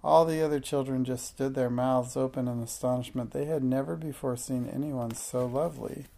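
Gravelly man reading a storybook. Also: medium pitch, steady tone, normal speed, warm tone. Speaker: narrator.

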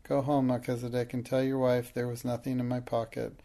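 A man's voice: medium pitch, completely flat delivery, brisk, mellow, close to an everyday voice. A man reading the part of an earnest, thoughtful and proud young schoolgirl in a storybook, speaking in careful, earnest words.

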